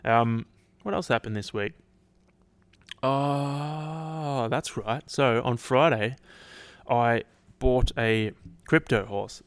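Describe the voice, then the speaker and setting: A man's voice: medium pitch, slow, dry recording. A man hosting a casual solo podcast, rambling, restarting sentences and swearing offhandedly, his throat a little dry. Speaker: podcast host.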